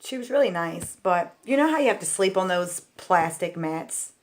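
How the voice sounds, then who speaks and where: A woman with a slightly low voice tells stories from her childhood in a loose, chatty vlog manner. She rambles and fills her sentences with "like" and "um". She talks candidly, straight to her viewers. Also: animated, moderate pace. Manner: rambling, full of "like" and "um" fillers. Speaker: vlogger. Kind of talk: casual storytelling.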